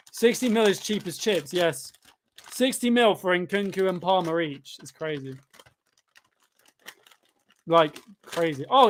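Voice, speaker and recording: A young man, pitched a little above most men, talks through a live football stream while reading chat aloud. He sounds tired and rambles casually, then breaks into excited shouts whenever the match heats up. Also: a little hiss or hum. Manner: chatty, bursts of excitement at the game.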